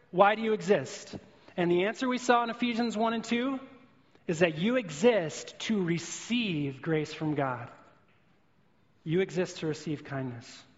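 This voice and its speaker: A male pastor with a notably high voice delivers an earnest sermon, leaning on vivid everyday illustrations. His voice carries a long hall reverb, and the recording sounds dull and lo-fi.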